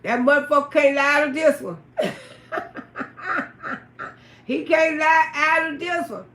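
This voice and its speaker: A woman telling a raunchy story on a live stream, loud, profane and laughing often. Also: high-pitched, slow, echoey room. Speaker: livestream storyteller.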